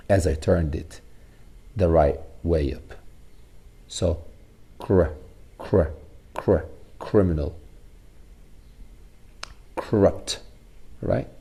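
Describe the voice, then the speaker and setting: Male teacher, low and dark, gravelly, patient phonics walkthrough with repeated sounds. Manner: explains slowly, repeats sounds and words. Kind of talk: recorded English phonics lesson.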